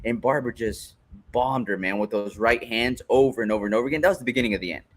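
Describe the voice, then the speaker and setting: Male co-host, everyday mid-pitch, excitable storyteller. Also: fast talker. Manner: excited storytelling, fillers like dude and man. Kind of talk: casual fight-recap chat.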